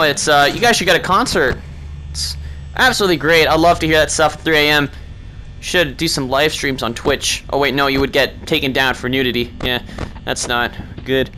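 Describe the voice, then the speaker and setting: A man giving let's play commentary, sarcastic and excitable, taunting the game's characters, swearing, and breaking into panicked yelling. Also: on the high side, slight background noise. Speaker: gamer.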